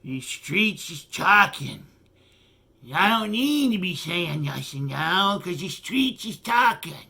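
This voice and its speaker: A man's voice: sits high, very animated, slow pace, vocal fry, sharp tone, husky, exaggerated voice. A man mimicking a drowsy male stand-up comedian, slurring his words in mockery. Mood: mocking.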